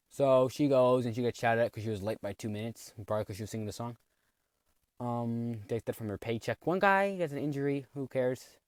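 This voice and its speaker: A man's voice: fairly low pitch, normal speed, darkish tone, no echo. A man giving a rambling comedic recap of a cartoon plot, full of snarky asides. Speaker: video narrator.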